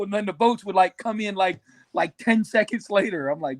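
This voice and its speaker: High-voiced man, excitable storyteller. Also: fairly quick, dry recording. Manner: excitable storyteller, laughs often. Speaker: podcast co-host. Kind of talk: casual chat.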